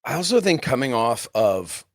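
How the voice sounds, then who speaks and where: A man's voice: medium pitch, sing-song, normal speed, no room sound, clean studio sound. A man co-hosting a casual wrestling podcast, talking conversationally and agreeing along. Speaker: podcast co-host. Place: podcast studio.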